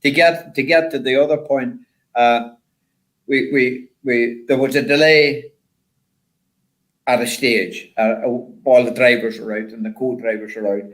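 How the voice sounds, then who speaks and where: An older man, a former rally driver, telling stories in a rambling, animated way with lots of repeated words. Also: medium pitch, unhurried, poor audio. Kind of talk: casual storytelling chat.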